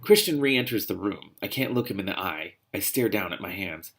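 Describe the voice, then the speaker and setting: A low-voiced man with a gravelly edge, reading a novel aloud chapter by chapter. He keeps stopping to add exasperated, sarcastic remarks in his own voice. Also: lively intonation, moderate pace, fairly bright tone. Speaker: reader and commentator.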